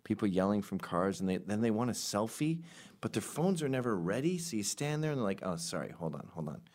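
A comedian doing a rambling, sarcastic comedic monologue with deadpan asides, jumping into loud, high voices for the people he quotes. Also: fairly quick.

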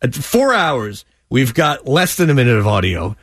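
A man's voice: mid-range voice, very animated, moderate pace, fairly bright tone, no echo. A man hosting a radio show in a studio, talking in casual, sarcastic banter and often laughing and mocking. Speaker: radio host. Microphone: studio mic.

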